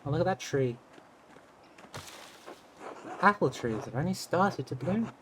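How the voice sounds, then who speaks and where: A man's voice: on the high side, lively intonation, unhurried, a bit bright, slight background noise. A young man streaming a story game, chatting casually and reading its dialogue aloud in a playful manner. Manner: playful, swearing, reacts with little gasps and laughs.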